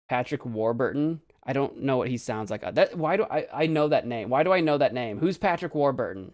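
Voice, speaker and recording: A man's voice: mid-range voice, animated, a little fast, few pauses, a little mellow. A young man hosting a casual let's play, rambling and self-mocking as he comments on the game.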